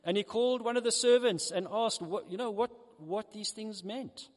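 A man preaching a sermon, retelling a parable with animated storytelling and acting out the characters. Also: sits high, normal speed, big-room sound.

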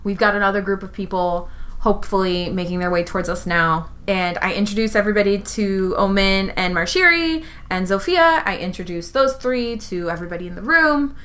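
A woman's voice: mid-range voice, lively intonation, brisk, a bit bright. A woman playing a tabletop role-playing game, chatty and self-deprecating as she describes her character's actions. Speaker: player. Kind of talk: tabletop role-play, casual.

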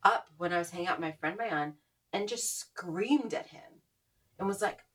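A woman co-hosting a podcast from the US Northeast, telling stories in a blunt, profane, animated way. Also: on the low side, moderate pace, recorded from a distance. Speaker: podcast co-host. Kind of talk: casual chat.

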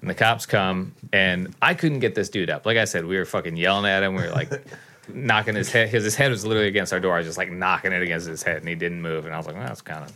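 A man's voice: sits low, quick pace, bright, forceful tone. A man casually telling a story among friends, loose and full of swearing. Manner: loose and profane, swears often.

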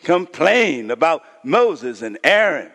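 High-voiced preaching pastor in a reverberant hall. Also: male voice, very animated, slow pace, vocal fry. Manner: preaching, calls on the congregation to shout responses; reads scripture, voicing the complaining crowd with rising intensity. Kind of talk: sermon.

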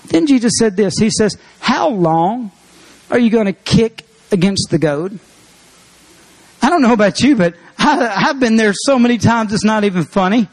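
High-voiced earnest preacher. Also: male voice. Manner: earnest, conversational preaching with sudden slow emphatic phrases. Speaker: pastor. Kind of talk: sermon.

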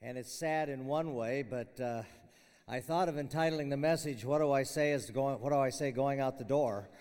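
A man's voice: mid-range voice, a little mellow, clean tone. Older man preaching in a reverberant chapel. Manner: conversational, halting with fillers and restarts, chuckles. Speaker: retiring professor giving chapel message. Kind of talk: farewell chapel sermon. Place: university chapel hall. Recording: long hall reverb.

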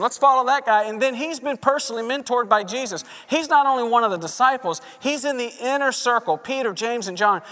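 A male pastor preaching an animated sermon, acting out the voices of the people he quotes. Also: very high voice. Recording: reverberant hall.

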